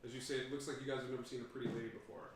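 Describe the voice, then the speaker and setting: Game master guy, halting and full of uhs, faraway roomy sound. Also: medium pitch, little pitch movement. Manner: halting, many fillers. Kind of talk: narrating a tabletop game. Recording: echoey room from far off, faint noise.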